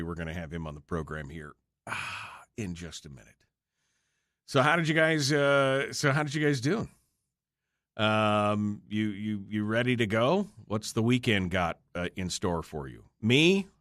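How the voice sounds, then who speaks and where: Man, radio talk host, low voice, tired, rambling and self-mocking, dry studio sound. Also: very animated, measured pace, fairly bright tone, no echo. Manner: rambling, self-deprecating, joking with chat. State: tired, yawning. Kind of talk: off-the-cuff livestream chat.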